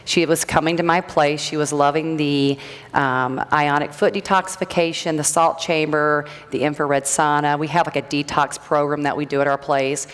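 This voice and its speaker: A woman's voice: low voice, little pitch movement, moderate pace, smooth. A middle-aged woman speaking casually to a live audience, chatty and rambling, often restarting her sentences. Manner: rambling, chatty, self-interrupting storyteller. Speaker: graduate speaker, natural health practitioner. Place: event hall. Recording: long hall reverb.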